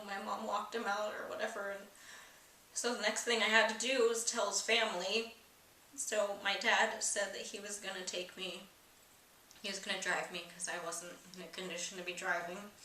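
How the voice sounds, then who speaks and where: A woman's voice: medium pitch, bright, forceful tone. A young woman candidly telling a personal, emotional story in a vlog, rambling with many fillers. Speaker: vlogger. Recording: echoey room, distant mic, faint hiss.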